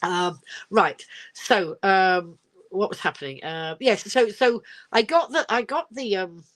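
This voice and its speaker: An animated but slow-speaking older woman from England, with a medium-pitched, fairly bright voice, hosts a casual livestream from her phone. She rambles, giggles and reads viewer comments, and her phone camera serves as the microphone.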